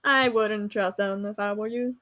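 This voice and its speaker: A woman playing a tabletop role-playing game, talking casually in a quick, practical and lightly teasing way. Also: mid-range voice, steady tone, crowd noise. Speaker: player. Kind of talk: casual role-play chat.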